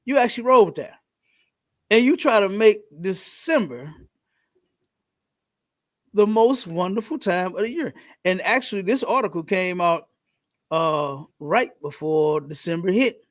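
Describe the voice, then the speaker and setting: Man leading a casual class, high voice, loose and profane, storytelling. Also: lively intonation, unhurried, long pauses, fairly bright tone. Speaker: class teacher.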